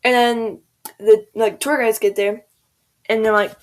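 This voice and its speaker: A woman's voice: fairly high pitch, fairly even intonation, a little slow. Rambling teenage girl telling a story. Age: teens. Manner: rambling, filler-heavy, quotes people in voices. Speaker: gaming video creator. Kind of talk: casual storytime rambling over gameplay.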